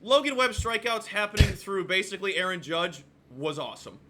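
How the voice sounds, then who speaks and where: A man's voice: high-pitched, fairly quick, sharp tone, slight background noise. A man co-hosting a sports betting podcast, chatty and teasing, talking over a remote call. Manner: chatty, teasing, tells stories. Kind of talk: casual podcast banter.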